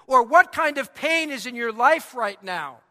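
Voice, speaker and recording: High-voiced pastor preaching in a reverberant church. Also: male voice, animated, unhurried. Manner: dynamic preaching, swells loud and high for emphasis. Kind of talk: sermon. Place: church sanctuary. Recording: long hall reverb.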